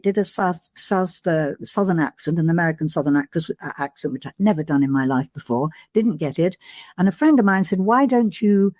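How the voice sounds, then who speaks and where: A woman's voice: fairly low pitch, a little mellow, no echo. An older woman, a podcast guest, chatting and telling stories about her past work in a well-spoken way, with many restarts and ums. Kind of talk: casual reminiscing conversation.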